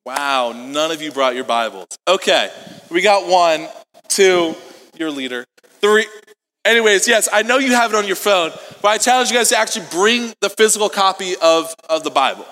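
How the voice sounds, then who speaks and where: A man's voice: sits high, normal speed, pushed and bright. A young man giving a youth group sermon, telling a story casually and acting out the dialogue before reading scripture. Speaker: youth pastor. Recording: long hall reverb.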